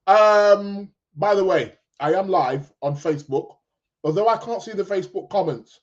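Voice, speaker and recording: A man's voice: sits high, expressive, measured pace, highs cut off. A man hosting a casual live-stream chat, rambling with fillers, laughs and self-corrections. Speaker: podcast host.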